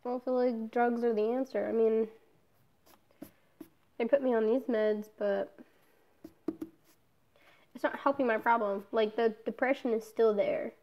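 A woman's voice: on the high side, fairly even intonation, unhurried, pauses often, highs cut off. A young woman in a casual personal vlog, talking candidly, swearing often and trailing off with fillers. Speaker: vlogger.

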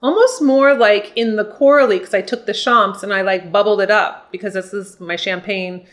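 A woman's voice: mid-range voice, fairly even intonation, normal speed. An older woman chatting through a makeup tutorial, encouraging viewers she calls ladies. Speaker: beauty vlogger. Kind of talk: casual makeup tutorial chat.

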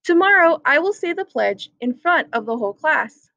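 A woman teacher reading a children's picture book aloud, clearly and expressively, at an unhurried pace. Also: high voice, big pitch swings, pushed and bright, no echo, muffled recording.

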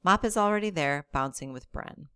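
A woman teacher reading a novel aloud to her class in steady, plain narration. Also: low-pitched, moderate pace, clean tone, no echo, clean studio sound.

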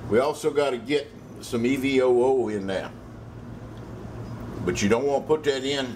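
A man's voice: medium pitch, background noise. A man with a Louisiana Cajun accent hosting a home cooking video, folksy and joking, swearing freely as he works. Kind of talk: casual cooking demonstration.

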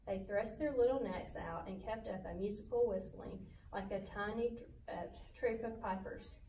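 A woman's voice: mid-range voice, moderate pace, warm tone, echoey room, distant mic, slight background noise, poor audio. Woman reading a children's story aloud. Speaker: school principal reading aloud.

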